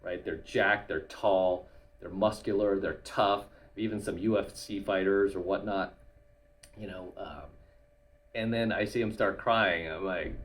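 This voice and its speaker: A man's voice: sits low, steady tone, unhurried. A man and YouTuber coach talking bluntly in a casual monologue to camera, tagging his points with "right?". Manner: blunt, tags lines with "right?".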